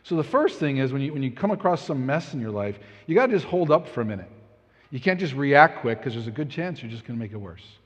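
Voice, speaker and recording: Casual, self-mocking preacher in a hall. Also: male voice, medium pitch, sing-song, fast talker. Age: 30s. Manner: casual, self-deprecating, chatty. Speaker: pastor. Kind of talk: storytelling sermon. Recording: dull audio in a reverberant hall.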